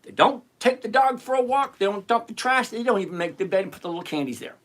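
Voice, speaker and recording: A man's voice: sits high, fast. A man hosting a livestream on trading, answering viewers' chat questions in a casual, teasing, emphatic way. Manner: animated, teasing, emphatic with repetition.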